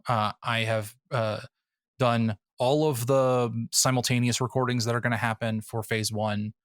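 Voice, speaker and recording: A man's voice: mid-range voice, fairly even intonation, normal speed, a bit bright, smooth, dry recording, clean studio sound. A man hosting a podcast in casual chat, rambling with many fillers and frequent laughs. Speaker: podcast host.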